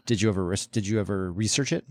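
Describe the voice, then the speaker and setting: A man's voice: fairly low pitch, fast, no room sound, clean studio sound. A man co-hosting a casual podcast, teasing his co-host and laughing often. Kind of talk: casual chat.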